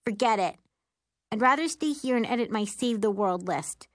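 A woman's voice: fairly high pitch, animated, moderate pace, dry recording, studio quality, close to an everyday voice. A woman doing a whiny, sulky teen sister. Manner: whiny, sulking. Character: scaredy-cat sulky teenage sister.

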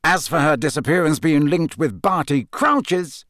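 A man's voice: fairly high pitch, a little slow, fairly bright tone, no echo, clean studio sound, pitched above the performer's own voice. A man reading aloud, voicing an impatient, blustering middle-aged male minister in a storybook.

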